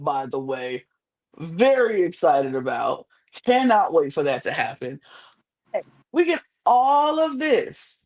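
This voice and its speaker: On a low-quality recording, a high-voiced woman co-hosting a podcast launches into a heated, casual recap rant. She sounds emphatic and indignant, repeating phrases for effect.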